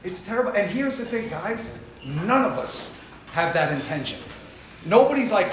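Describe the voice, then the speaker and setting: A man's voice: sits high, lively intonation, moderate pace. A man leading a recovery group talk, speaking emphatically and repeating points for stress. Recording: echoey room from far off with hiss.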